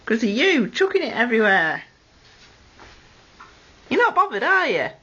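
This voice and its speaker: This time the parrot owner sounds fairly high, very animated and sharp, with a breathy edge, speaking at a moderate pace. She coos baby talk at the birds, coaxing and lovingly scolding them, in a faintly noisy, lo-fi 2008 home video shot in the room with their cages.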